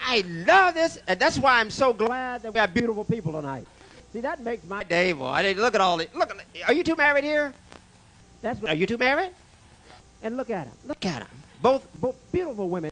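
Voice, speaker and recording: A man's voice: very high-pitched, bright, forceful tone. A man doing stand-up comedy on a club stage, firing brash one-liners and teasing the live audience. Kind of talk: stand-up comedy with crowd work.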